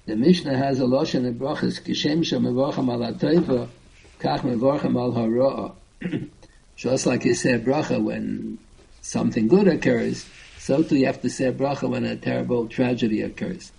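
A man's voice: medium pitch, steady tone, normal speed, vocal fry, dark tone, husky, low-quality recording. A man teaching a Talmud class, explaining step by step and chanting the Hebrew and Aramaic quotes.

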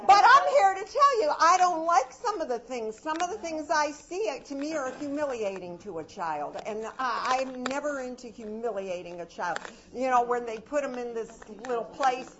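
A woman giving a live parenting workshop, lively and chatty, often dropping to a low, soft voice to demonstrate. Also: moderate pace, few pauses. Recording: muffled recording with background noise.

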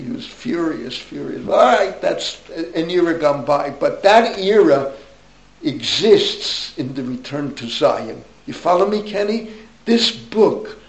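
A man in his eighties, a rabbi teaching an informal class, telling rambling, animated stories with asides to his listeners. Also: a little high, creaky, reverberant, poor audio. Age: 80s. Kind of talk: informal Torah class talk.

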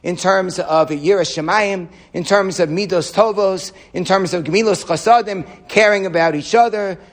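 A man giving a sermon as a rabbi, animated and repeating phrases for emphasis. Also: high-pitched, normal speed.

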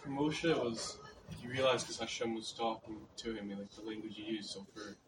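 A low-voiced man speaks from across the room, far from the microphone, with clear background noise. He asks his question hesitantly, reaching for words. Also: level tone, brisk. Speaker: student. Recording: distant, noisy room.

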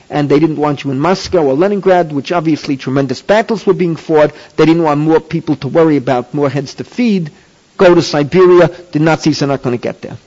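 A man with a high voice lectures in a religious class, hammering points home and repeating phrases for emphasis. The sound is dull and lo-fi, like an old tape recording. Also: darkish tone. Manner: emphatic, repetitive, rising to questions. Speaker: rabbi teaching a class. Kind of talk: Torah lecture.

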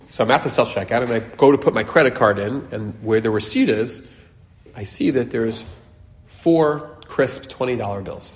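A man's voice: mid-range voice, normal speed. A middle-aged man giving a casual, joking Torah class, telling stories and acting out quoted voices, with Hebrew and Yiddish words mixed in. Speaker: Torah teacher.

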